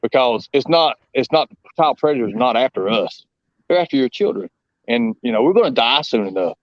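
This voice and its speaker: A man's voice: medium pitch, expressive, fairly quick, dry recording, muffled recording. A man with a Southern US accent, chatting as a guest on a live stream, rambling and emphatic with lots of fillers. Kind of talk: casual live-stream chat.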